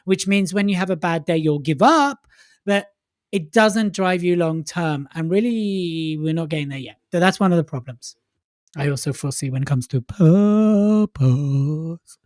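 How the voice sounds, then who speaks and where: A man co-hosting a podcast in casual chat, playful, tossing in quick asides. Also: fairly high pitch, lively intonation, a little mellow, dry recording, clean studio sound. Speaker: podcast co-host.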